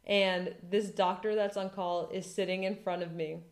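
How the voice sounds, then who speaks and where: A woman in her thirties telling a dramatic personal story in casual chat, animated and full of fillers. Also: mid-range voice, normal speed. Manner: animated, dramatic retelling with lots of "like". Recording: echoey room.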